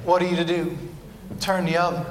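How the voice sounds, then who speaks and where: A man's voice: high voice, little pitch movement, a little fast, noisy background. A male pastor preaching a sermon in an emphatic, repetitive cadence, recorded in an echoey church.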